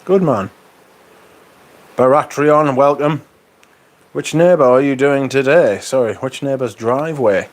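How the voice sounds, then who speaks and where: A man's voice: mid-range voice, unhurried, pauses often. A man with a Northern English accent hosting a livestream, chatting casually and reading out viewer comments with dry banter. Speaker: livestream host.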